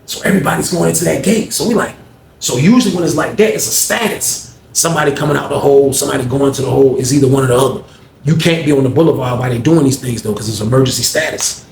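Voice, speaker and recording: A man telling a story in casual, slang-heavy talk, getting loud when he acts out arguments. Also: mid-range voice, fast, creaky, roomy sound, a little hiss or hum. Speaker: storyteller host.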